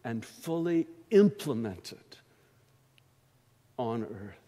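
A man preaching a sermon in a church, slow and emphatic, swelling loud on key phrases and dropping low between them. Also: big pitch swings. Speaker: pastor. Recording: reverberant church hall.

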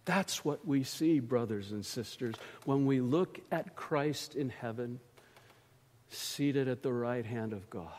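A man preaching a sermon in a church, slow and emphatic, swelling loud on key phrases and dropping low between them. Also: slight background noise. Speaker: pastor. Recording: reverberant church hall.

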